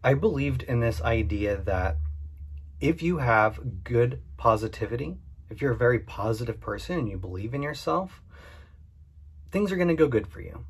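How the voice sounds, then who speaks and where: A man with a slightly husky, mid-pitched voice talks casually to the camera. He tells a story from his own working life in a candid, conversational way, full of everyday fillers. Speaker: cleaning business owner.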